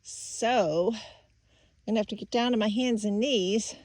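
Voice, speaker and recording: A woman's voice: medium pitch, takes it slowly, a little mellow, dry recording. Chatty woman vlogging a hike. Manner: chatty, candid, catching her breath on climbs. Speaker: hiking vlogger. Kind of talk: casual trail vlog. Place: outdoors on a mountain trail. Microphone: handheld camera.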